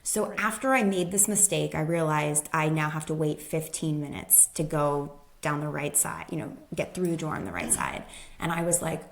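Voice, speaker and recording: A woman's voice: low voice, animated, moderate pace, vocal fry. A woman guest, a human design expert, telling a personal story in casual conversation and acting out the people she quotes.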